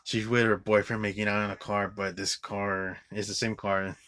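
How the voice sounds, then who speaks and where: A man's voice: fairly low pitch, flat delivery, normal speed, sharp tone. A man giving a profane, rambling movie review, scornful and full of "like" fillers and restarts. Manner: swears often, scornful.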